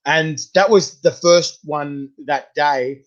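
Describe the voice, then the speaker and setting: A man's voice: a little high, takes it slowly, muffled recording. A man hosting a casual chat, telling stories with animation and frequent laughter. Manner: animated storyteller, laughs often. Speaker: host.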